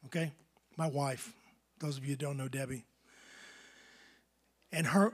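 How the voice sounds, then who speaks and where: A middle-aged man preaching a sermon, building to emphatic bursts and then dropping to quiet asides. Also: high voice. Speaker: pastor.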